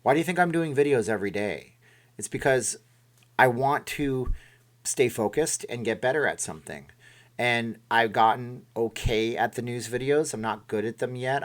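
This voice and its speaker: A middle-aged man hosting a casual livestream from home, giving rambling motivational talk and reading viewer messages. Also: lowish voice. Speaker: livestream host.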